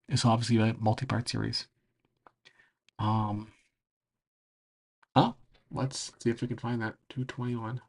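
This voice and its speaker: A man rambles through a casual travel recap as a streamer, his voice slipping away as he talks. The tone is rough and breathy, with a gravelly catch at the bottom. He leans on "like" and "um" throughout. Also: medium pitch, flat delivery, measured pace, pauses often. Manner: rambling, full of "like" and "um". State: losing his voice. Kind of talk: casual recap while browsing a map.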